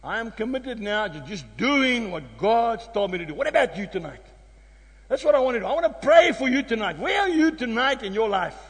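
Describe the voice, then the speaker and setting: A South African man preaching a sermon, telling a story with emphatic exclamations that drop to hushed tones. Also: very high voice, big pitch swings, a little fast, slightly rough. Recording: long hall reverb.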